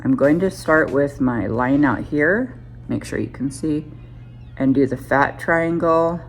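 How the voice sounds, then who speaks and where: A woman's voice: deep voice, a little slow. A woman in her fifties, a beauty vlogger, chatting casually and a little self-deprecatingly as she talks through each step of her makeup tutorial.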